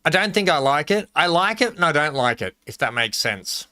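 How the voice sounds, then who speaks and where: A man's voice: a little high, big pitch swings, a little fast, sharp tone, dry recording, clean studio sound. A man live-streaming a game, thinking aloud in a rambling, casual way and chatting with his viewers. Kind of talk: casual live-stream chat while gaming.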